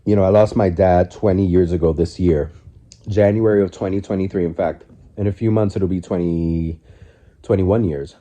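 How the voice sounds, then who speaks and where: A man's voice: deep voice, steady tone, moderate pace, warm tone, highs cut off. A man in his forties talking reflectively and candidly while eating on his living room couch, recorded on his phone. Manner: reflective, candid, speaks in loose restarts. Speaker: vlogger. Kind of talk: casual mukbang vlog.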